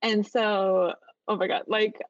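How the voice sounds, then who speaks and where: A woman's voice: medium pitch, takes it slowly, no room sound. Chatty woman teacher on a dull line. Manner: chatty, many "like" fillers, lively when quoting students. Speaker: teacher, podcast guest. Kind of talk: casual interview chat.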